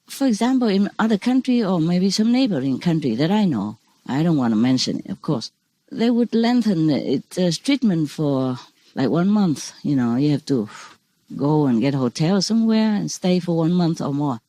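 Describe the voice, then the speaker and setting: Woman spiritual teacher, rambling, repeating words, low voice, dry close sound. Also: very animated, normal speed, warm tone, no echo. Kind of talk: informal spiritual talk over video conference. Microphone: video call.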